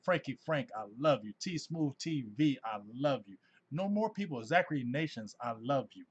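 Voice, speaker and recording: A man in his forties hosting a casual sports fan livestream, talking in an animated, effusive way and reading out viewers' names. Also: mid-range voice, moderate pace, slightly rough, muffled recording. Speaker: host of a sports fan live show.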